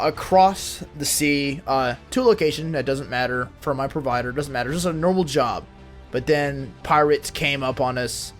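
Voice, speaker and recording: A man's voice: a little high, natural voice. A man playing a merchant sailor taken prisoner, telling his backstory in a plain, matter-of-fact way.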